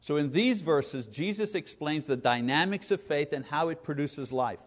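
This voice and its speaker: A man's voice: on the high side, animated, normal speed. Man preaching in an echoing hall. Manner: emphatic, conversational, asks the audience questions. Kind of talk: Bible teaching sermon. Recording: long hall reverb.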